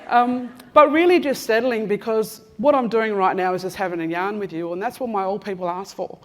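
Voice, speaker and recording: A woman in her fifties speaks fairly quickly in a mid-range voice with an Australian accent from Western Australia. While giving an Acknowledgement of Country, she moves through the crowd in a large conference room, joking, teasing listeners by name and using plenty of "um"s in her chatty delivery.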